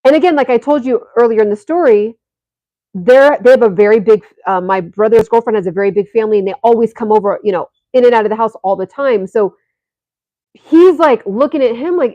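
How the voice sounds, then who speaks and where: A woman's voice: a little high, fairly quick, no echo, highs cut off. A woman vlogger telling a story to her viewers in a casual, rambling way, full of fillers and restarts.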